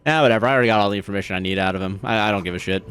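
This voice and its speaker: A man's voice: on the low side, racing, fairly bright tone, faint music behind. A man livestreaming a game, joking, swearing and laughing as he reacts. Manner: joking, profane, laughs often. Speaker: streamer. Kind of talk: casual game livestream commentary.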